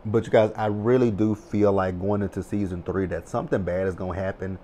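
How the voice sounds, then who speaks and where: Guy in his 30s doing a show recap vlog, lowish voice, gets loud and hyped, cusses a lot. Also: fairly quick. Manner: animated, excitable, swears freely. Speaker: TV recap vlogger. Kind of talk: casual episode recap.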